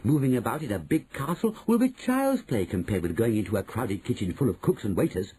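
A man reading an audiobook, voicing an eager, excitable young boy who has been turned into a mouse. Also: medium pitch, a little fast, breathy edge. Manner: eager, breathless questions.

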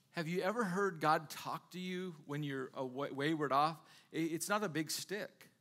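A man's voice: on the high side, unhurried, bright, forceful tone. A male pastor preaching a sermon in a conversational way, asking the congregation rhetorical questions again and again.

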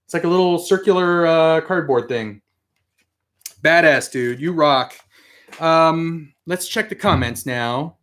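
Excitable man on a live stream. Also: on the high side, takes it slowly. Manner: excitable, swears mildly, reads out comments. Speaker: host of a live toy and comics stream. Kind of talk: casual live-stream chat.

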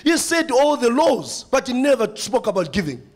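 A man preaching a sermon in church with a South African accent, animated, repeating phrases and calling out to the congregation. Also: extremely high pitch, moderate pace.

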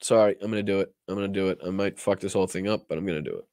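A man's voice: low-pitched, fairly even intonation, rapid-fire, darkish tone, no echo, studio quality. A man hosting a political livestream, talking casually with a lot of profanity and rambling restarts. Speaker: political talk show host.

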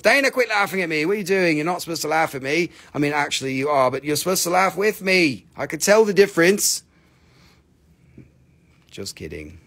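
A man hosting a live sales stream of stones, joking playfully while he counts pieces aloud and cuts prices. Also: sits high. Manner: joking, playful, bursts into song. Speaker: live-stream seller of minerals.

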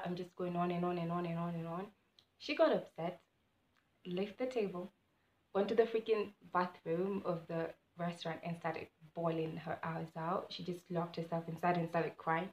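A young woman telling a story as a vlogger, animated, swinging between loud exclamations and low mutters. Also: normal speed, muffled recording, slight background noise. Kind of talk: casual storytime narration. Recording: echoey room.

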